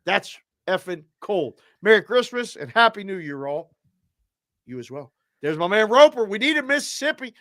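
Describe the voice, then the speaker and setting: A man hosts a live show, running through viewer shout-outs in an upbeat, lively way. His voice sits high and sounds bright and forceful. The recording is dry and close, with no room echo. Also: moderate pace. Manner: upbeat, shouts out names and area codes. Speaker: show host.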